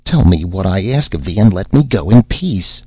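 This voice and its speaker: A man's voice: low voice, big pitch swings, normal speed, slightly rough, dry recording, muffled recording, exaggerated voice. A man voicing a grieving young fisherman in love, pleading in earnest archaic speech.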